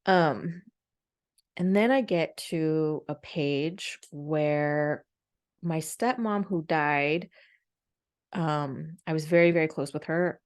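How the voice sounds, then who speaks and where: A woman's voice: low voice, slow, a little mellow. A woman in her forties, a podcast host, telling a candid, emotional personal story with many fillers.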